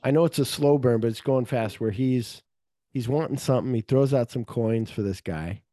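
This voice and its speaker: A man talking casually about a movie with a mellow, warm tone, recorded dry and close. He rambles along, slipping into quick quoted voices to act out scenes, and swears freely. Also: medium pitch, dry recording. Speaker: podcast co-host. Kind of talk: casual chat about a film.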